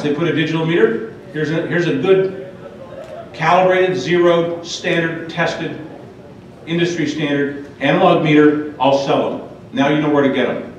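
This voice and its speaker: A man's voice: on the high side, steady tone, moderate pace. A man giving an impassioned public talk at a forum, speaking emphatically and addressing the audience directly. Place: large echoey hall. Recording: dull, echoey, far-off hall recording.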